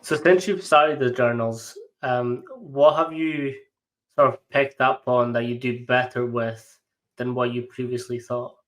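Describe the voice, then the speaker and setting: A man's voice: mid-range voice, steady tone, a little slow, fairly bright tone. A man hosting a podcast in casual conversation, speaking hesitantly with restarts. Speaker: podcast host.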